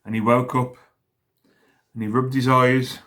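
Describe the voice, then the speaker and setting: A man leading school worship, slowly retelling a story for children and pausing to ask them questions. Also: medium pitch, level tone, a bit bright.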